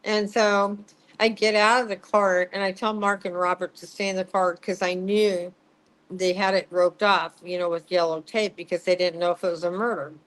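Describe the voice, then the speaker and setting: A woman's voice: lowish voice, level tone, normal speed, a bit bright, rough recording. A middle-aged woman, a psychic medium, telling a story in an interview, laughing, swearing and acting out what people said.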